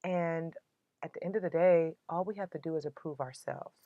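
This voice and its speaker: A woman's voice: low-pitched, normal speed, mellow, no room sound, dull audio. A woman hosting a motivational podcast, talking in an earnest, emotional and uplifting way. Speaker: podcast host.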